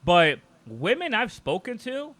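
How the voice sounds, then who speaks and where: Bright-voiced man rambling on a podcast. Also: high voice, a little slow. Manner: animated, rambling, full of "like"s and restarts. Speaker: podcast co-host. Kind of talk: casual podcast chat.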